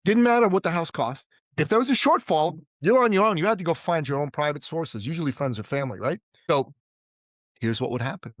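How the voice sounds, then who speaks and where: Speaking briskly in a slightly high, animated voice with no echo, a man from Iran recounts stories as a podcast guest. The entrepreneur keeps the interview casual, imitates the people he quotes, and leans often on "like" and "right?"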